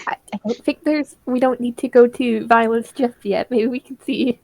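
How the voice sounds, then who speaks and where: Woman player, gentle and giggly, high-ish voice with a strong gravelly edge, recorded dry and close. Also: fairly even intonation, moderate pace. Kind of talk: casual tabletop play.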